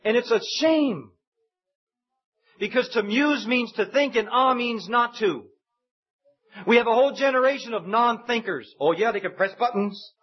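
High husky guy preaching, chatty, acts out voices, dull lo-fi recording. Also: moderate pace. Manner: conversational preaching, mimics voices in quotes. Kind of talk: sermon. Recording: dull lo-fi sound.

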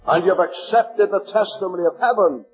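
Faint music plays behind a high-voiced Liverpool preacher, from Liverpool, England, as he gives a sermon. When he turns to scripture, his delivery settles into a slow, measured rhythm; the audio is dull.

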